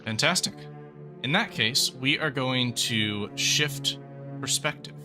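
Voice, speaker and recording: A man narrating a tabletop game as its game master in a lively way. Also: medium pitch, slow pace, music in the background.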